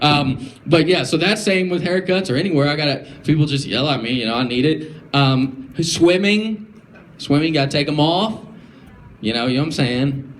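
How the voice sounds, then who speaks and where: A young man talks to a room of students at a school, loose and conversational, circling back with "you know" and restarts. His voice sits a bit high for a man, and he keeps turning questions to the audience. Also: fairly quick, a little hiss or hum. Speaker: guest speaker. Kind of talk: casual motivational talk to students. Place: school classroom or hall.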